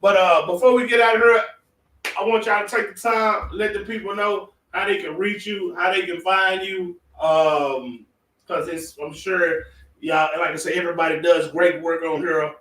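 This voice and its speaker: Higher-voiced host with a Black lilt, echoey. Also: male voice, steady tone, a bit bright, recorded from a distance. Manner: loose, halting, slangy. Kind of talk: casual chat. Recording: echoey, off-mic.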